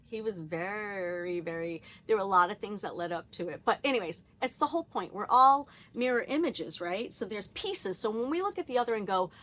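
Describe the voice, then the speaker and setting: A woman's voice: mid-range voice, brisk, few pauses. A woman sharing a personal story in a casual, reflective vlog, laughing often and acting out what she said and thought. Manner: candid and animated, laughs often, quotes herself; frequent fillers and restarts, thinking aloud.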